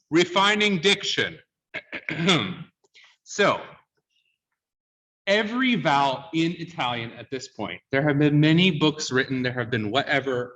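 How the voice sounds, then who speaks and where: Coaching students in sung diction, a man explains points and quizzes them, often asking "yeah?" to check they're following. His voice runs on the high side, pushed and bright, and the lo-fi recording sounds dull and distant.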